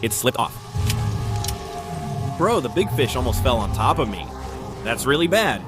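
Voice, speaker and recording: A man hosting a gaming channel, giving excitable, jumpy play-by-play commentary on a survival game. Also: mid-range voice, unhurried, music in the background.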